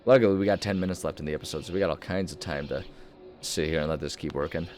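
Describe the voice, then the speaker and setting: A man's voice: very deep voice, very fast, darkish tone, slight background noise. A young man giving casual, rambling commentary over a video game he is playing, joking and talking to himself. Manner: rambling, jokey, self-mocking asides. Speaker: gaming video host. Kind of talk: casual let's-play commentary.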